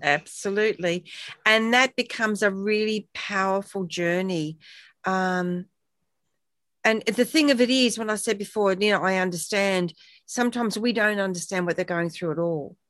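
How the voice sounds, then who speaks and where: A woman's voice: mid-range voice, moderate pace, no echo, studio quality. A woman, chatting reflectively and telling personal stories with quoted dialogue. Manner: warm, reflective storytelling with acted quotes. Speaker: guest on a support talk show. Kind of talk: casual conversational chat.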